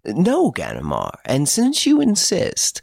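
A man reading an audiobook, voicing a suave, boastful gentleman thief who mocks his jailers from his prison cell. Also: on the high side, wildly swooping pitch, slow, vocal fry, no room sound, voice pushed up, exaggerated voice. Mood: mocking, playful. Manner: playful, teasing, boastful.

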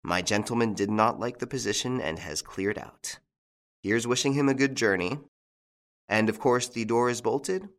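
A man voicing a bold, cool-headed gentleman thief in a storybook reading, brisk and wry. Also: mid-range voice, lightly acted.

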